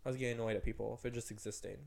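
A man's voice: fairly low pitch, very fast, vocal fry. A man in his twenties co-hosting a casual podcast chat, ranting with lots of fillers. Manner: ranting, animated, full of "like". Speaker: podcast co-host.

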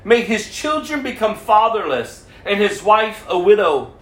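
A man's voice: sits high, big pitch swings, measured pace, fairly bright tone. A man preaching, reading scripture aloud and adding his own commentary, lifting his voice for the quoted speech. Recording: echoey room.

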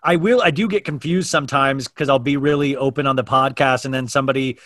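A man's voice: mid-range voice, quick pace, a bit bright, dry recording, studio quality. Candid man hosting a podcast. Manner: open, rambling with restarts. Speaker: podcast host. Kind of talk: casual chat.

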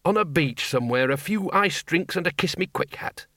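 A man's voice: fairly high pitch, animated, normal speed, bright, forceful tone, dry recording, clean studio sound, pitched above the performer's own voice. Guy doing a snooty sarcastic old wizard, fussy and sneery. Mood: sneering. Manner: sarcastic, prissy.

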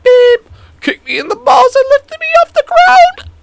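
A man putting on the voice of a hurt teenage boy, whimpering and close to tears in a high falsetto. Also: wildly swooping pitch, measured pace, creaky, exaggerated voice. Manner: pained, crying falsetto.

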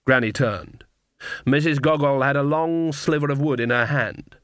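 A man's voice: medium pitch, clean tone, no echo, clean studio sound. Man narrating a story. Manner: even, measured storytelling. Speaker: audiobook narrator. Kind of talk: scripted narration.

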